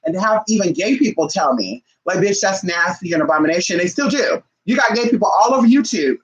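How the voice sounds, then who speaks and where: A woman vlogger telling a story to her viewers in a casual, animated and profane way, calling them "y'all". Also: lowish voice, fast talker, muffled recording.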